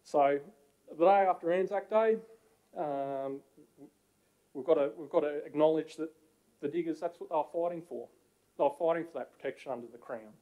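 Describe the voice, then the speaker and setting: A man's voice: fairly high pitch, moderate pace, pauses often, phone-quality sound. A man giving an earnest, repetitive public address at a council meeting. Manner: earnest, repetitive, fervent, swells and drops in volume.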